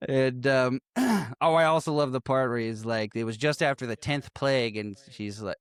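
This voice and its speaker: A man's voice: mid-range voice, moderate pace, clear, resonant tone, dry recording, studio quality. A man co-hosting a casual movie podcast, retelling scenes and quoting lines between bursts of laughter. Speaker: podcast co-host. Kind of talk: casual movie recap chat.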